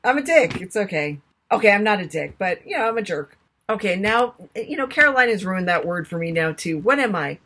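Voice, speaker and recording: A woman's voice: medium pitch, expressive, fairly quick, fairly bright tone, slight background noise. A woman co-hosting a casual sports podcast, chatty and self-deprecating, fussy about how names are pronounced. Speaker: podcast co-host.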